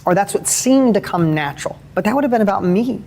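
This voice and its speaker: This middle-aged motivational speaker has a high voice with vocal fry and a slightly mellow quality. He's animated and fast as he earnestly recounts family stories, full of restarts and self-corrections.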